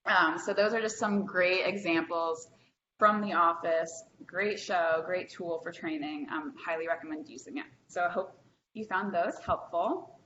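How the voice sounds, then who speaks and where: A woman's voice: fairly low pitch, measured pace, bright, forceful tone, a little hiss or hum. A woman presenting a training workshop over a video call, chatty and upbeat with frequent ums. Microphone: video call microphone. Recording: echoey, dull lo-fi video call.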